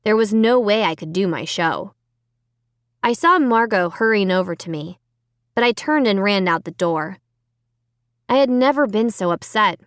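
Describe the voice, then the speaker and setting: A woman reading a children's horror book aloud in first person, with expressive dramatic delivery on a close microphone. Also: medium pitch, normal speed, long pauses, dry recording. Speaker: audiobook narrator. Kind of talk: scripted first-person narration.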